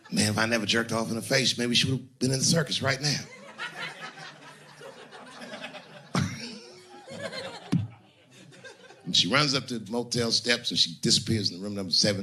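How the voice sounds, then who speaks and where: A stand-up comedian from the USA telling a long story with an animated manner, swinging between a drawl and high squeals. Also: male voice, a little hiss or hum. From Washington, D.C., USA.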